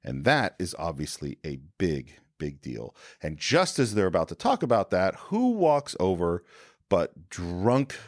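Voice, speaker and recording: A man's voice: low voice, huge pitch swings, measured pace, dry recording, clean studio sound. A man co-hosting a film podcast, casually retelling a movie scene by scene and briefly acting out the characters' lines. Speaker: podcast co-host.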